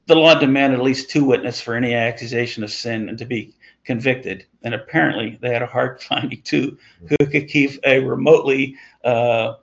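A man's voice: medium pitch, gravelly, dull audio. A man leading an informal Bible study, talking conversationally with chuckling asides as he reads and explains scripture.

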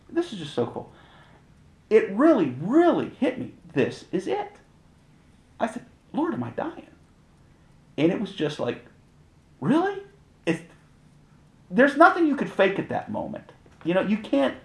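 A middle-aged man, a pastor, telling a personal testimony in a sermon with candid, animated storytelling and chuckles. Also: sits high. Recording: roomy reverberant sound.

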